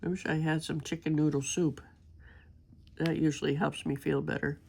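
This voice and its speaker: An older woman with a gravelly voice and a sore throat from being sick, rambling in a homey, chatty way while she works on a craft. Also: sits low, flat delivery, moderate pace, a little mellow, a little hiss or hum. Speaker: crafting vlogger. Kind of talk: casual chat while diamond painting.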